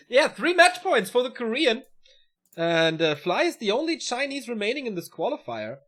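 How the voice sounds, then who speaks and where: A man's voice: very high-pitched, wildly swooping pitch, measured pace, pauses often, fairly bright tone. A man co-casting a live strategy game match, relaying results and announcements and teasing his partner. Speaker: esports co-caster.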